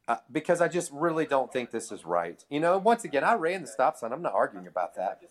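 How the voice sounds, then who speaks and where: A man's voice: a little high, fast talker, few pauses, slight background noise. Laughing man telling a story. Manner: animated, laughs often, acts out quotes. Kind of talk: casual storytelling chat.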